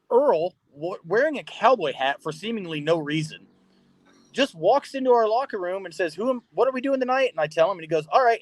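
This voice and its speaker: A man in a podcast studio tells a story with lots of laughter and freely swears. His voice sits a bit high, and the sound is close and dry. He talks casually, like he is chatting with friends. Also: dry recording. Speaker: podcast guest, pro wrestler.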